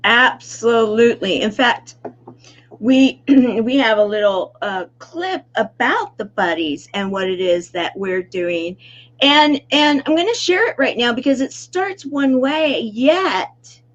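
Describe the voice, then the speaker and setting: A woman talk show host who speaks slowly, making short affirming replies to her guest and introducing a clip. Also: on the high side, lively intonation, dull audio. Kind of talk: interview chat.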